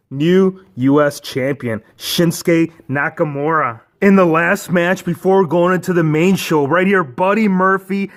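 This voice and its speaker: A man casually recapping an event for his channel, excitable and full of asides and mock outrage. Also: high voice. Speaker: toy figure reviewer.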